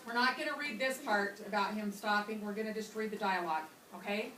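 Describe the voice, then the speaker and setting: A woman's voice: mid-range voice, fairly quick. A woman teacher explains a reading lesson to young students in a patient, explanatory way, now and then acting out a line to show how it should sound. She is heard from a distance in an echoey classroom. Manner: patient, explanatory, models voices for children. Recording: echoey classroom from far off with loud noise.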